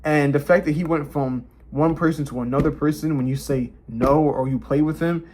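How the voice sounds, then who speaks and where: Animated man telling a story. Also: moderate pace, slight background noise. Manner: animated, acts out quotes in higher voices. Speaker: vlogger. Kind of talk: casual storytime.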